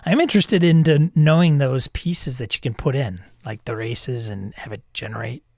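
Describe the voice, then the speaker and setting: A man's voice: mid-range voice, moderate pace, creaky, a little mellow, no room sound, clean studio sound. A man hosting a tabletop game channel, narrating the game casually with wry, mumbled asides. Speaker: host.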